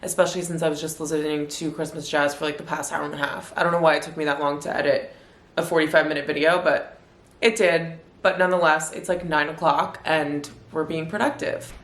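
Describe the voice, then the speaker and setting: A young woman talks casually to the camera from her apartment, chatting in a rambling way with plenty of "like" fillers. Her voice sits slightly low and sounds a little stuffy. The room around her is echoey. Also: flat delivery, a little fast. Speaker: lifestyle vlogger. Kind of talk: casual vlog chat to camera. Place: at home in an apartment.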